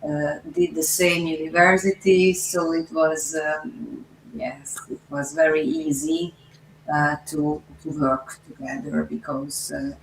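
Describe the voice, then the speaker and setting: A woman actress with a Hungarian accent, answering interview questions in halting, hesitant English full of fillers. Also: deep voice, lively intonation, vocal fry, a little hiss or hum. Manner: slow, hesitant, halting non-native English with many fillers. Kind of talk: festival interview. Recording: echoey room.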